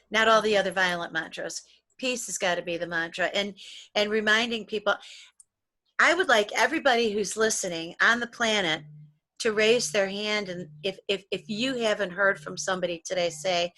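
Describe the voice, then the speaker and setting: A woman's voice: medium pitch, pushed and bright. A middle-aged American woman and psychologist co-hosting a wellness show, talking in an earnest, preachy way and often repeating words as she starts sentences. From United States. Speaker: podcast co-host, psychologist. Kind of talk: motivational wellness chat.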